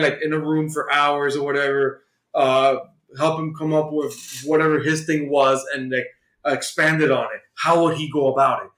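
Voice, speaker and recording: A man's voice: fairly high pitch, a bit bright, echoey room, rough recording. A man co-hosting a podcast, retelling a comic book story in casual chat full of "like" and "uh". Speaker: podcast co-host.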